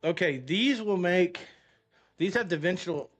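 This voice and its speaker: A man's voice: sits high, expressive, measured pace, a bit bright, soft background music. Rambling, foul-mouthed man at play. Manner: rambling, profane, talks to himself while playing. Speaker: gaming streamer. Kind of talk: casual gameplay commentary.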